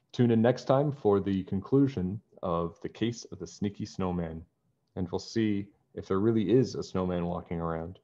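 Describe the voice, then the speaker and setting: A man reading a children's chapter book aloud in a friendly, expressive storytelling manner, on a dull lo-fi recording. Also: deep voice, measured pace. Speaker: storybook reader.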